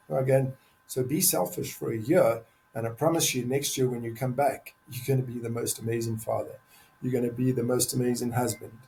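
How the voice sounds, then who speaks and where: A man's voice: mid-range voice, fairly quick, darkish tone, a little hiss or hum, poor audio. An older man speaking as a podcast guest, earnest and emphatic, repeating key words for stress in candid conversation. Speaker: podcast guest, men's advocate.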